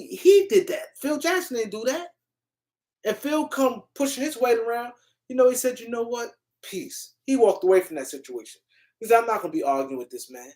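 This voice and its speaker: This is a woman with a slightly high voice, hosting a sports commentary stream. She argues heatedly with her viewers, circling back to her points with repetitive insistence. Her delivery is loose and unscripted. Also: warm tone. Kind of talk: live-stream sports rant.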